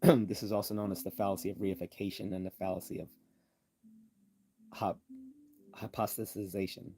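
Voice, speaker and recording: A man's voice: sits low, flat delivery, normal speed, warm tone, slight background noise. A man hosting a casual livestream lecture on logical fallacies, with sardonic asides and frequent ums. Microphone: desktop computer mic.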